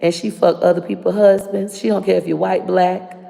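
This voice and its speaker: A woman's voice: lowish voice, level tone, brisk, creaky, dark tone. A woman with a Florida accent ranting bluntly and profanely to camera. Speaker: vlogger. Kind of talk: casual rant to camera. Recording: long reverb.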